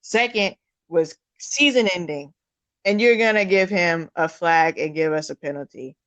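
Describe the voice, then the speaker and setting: A woman's voice: on the low side, a little slow, fairly bright tone, no echo. A woman co-hosting a casual sports talk show, blunt, heated and profane. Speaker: podcast co-host.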